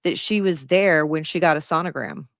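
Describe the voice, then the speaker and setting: A woman's voice: low-pitched, moderate pace, fairly bright tone, dry recording, studio quality. Blunt, sarcastic middle-aged woman commentator. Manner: blunt, sarcastic, swears freely. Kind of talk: casual commentary reading an article.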